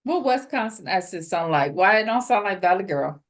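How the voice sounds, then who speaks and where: A woman co-hosting a casual chat podcast, recapping a reality show in a slangy, animated way with voiced quotes. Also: medium pitch, normal speed. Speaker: podcast co-host.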